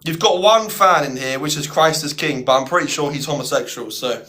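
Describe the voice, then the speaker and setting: A man's voice: fairly high pitch, a little fast, pushed and bright. A young British man hosting a live stream, taunting his guest and laughing often. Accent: British English. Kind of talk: mocking live-stream argument.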